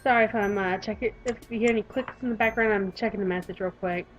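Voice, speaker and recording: A young woman with a Southern US accent reads a visual novel aloud and comments on it, gushing and animated. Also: medium pitch, fast talker, slight background noise, poor audio. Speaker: gaming YouTuber.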